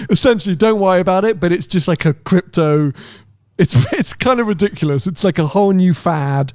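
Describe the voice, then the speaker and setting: A man chatting on a car podcast, animated, lively and quick to laugh. His voice sits a little higher than most men's. The sound is dry and close, with no room around it. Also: no room sound. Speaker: podcast co-host. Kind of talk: casual chat.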